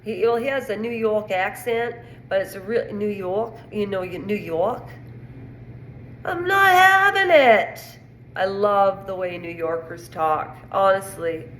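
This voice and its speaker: A woman's voice: mid-range voice, fairly even intonation, unhurried. A woman from Canada giving a rambling, indignant casual opinion monologue on pop culture. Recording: echoey room with faint noise.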